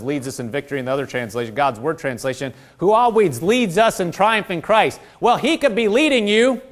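A middle-aged pastor preaching a sermon in a fairly high voice. He quotes scripture and calls out to his congregation for answers. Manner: preaching with call-and-response, quoting scripture.

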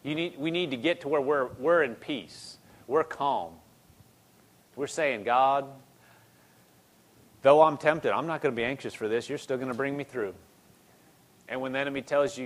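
A man's voice: mid-range voice, lively intonation, moderate pace. A man preaching a conversational sermon, repeating phrases and rising into emphatic bursts.

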